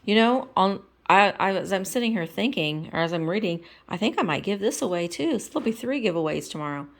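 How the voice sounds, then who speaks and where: A woman's voice: mid-range voice, animated, brisk. A woman vlogger reading a storybook aloud, with chatty asides between passages.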